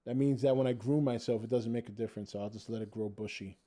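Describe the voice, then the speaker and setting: A man's voice: mid-range voice, fairly even intonation, fast talker, mellow. A man hosting a casual podcast, reading viewer comments aloud and joking with the chat. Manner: laid-back, jokey, reads viewer comments aloud.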